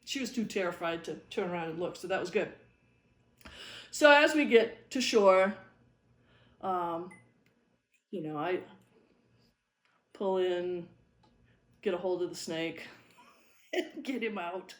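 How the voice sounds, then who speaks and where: A woman's voice: lowish voice, slow pace, pauses often. Wry, easygoing woman in an echoey room. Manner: easygoing anecdotal telling, wry and chuckling. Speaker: fly-tying video host and former fishing guide. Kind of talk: casual storytelling while tying flies. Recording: echoey room with faint noise.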